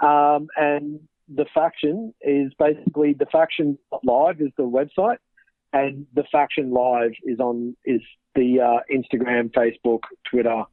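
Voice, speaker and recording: A man's voice: medium pitch, steady tone, unhurried, no room sound. An Australian man, a podcast guest, talking easily over a call, with loose fillers and laughs. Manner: easygoing, laughs along, hesitant fillers. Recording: dry tinny phone line.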